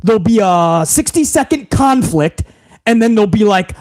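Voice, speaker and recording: A man's voice: high-pitched, expressive, fairly quick, darkish tone. A man who hosts a wrestling show, ranting casually with heavy swearing and sarcasm. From New York. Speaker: wrestling podcast host. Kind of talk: casual rant.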